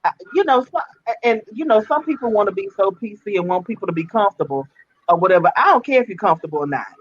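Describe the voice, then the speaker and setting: A woman's voice: medium pitch, animated, fast, slightly rough, no room sound. Blunt woman talker on dull audio. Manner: blunt, opinionated, rambling. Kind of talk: casual chat.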